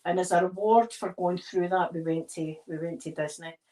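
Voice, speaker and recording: A woman's voice: fairly low pitch, normal speed, mellow. A Scottish woman chatting casually and rambling through stories as she decorates a tree for an ASMR video. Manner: rambling, digressive storytelling.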